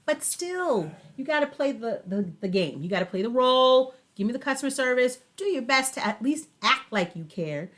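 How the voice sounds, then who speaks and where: A woman's voice: sits high, sing-song, moderate pace, few pauses, fairly bright tone. A woman co-hosting a podcast in casual banter, emphatic as she rants about pet peeves. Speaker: podcast co-host.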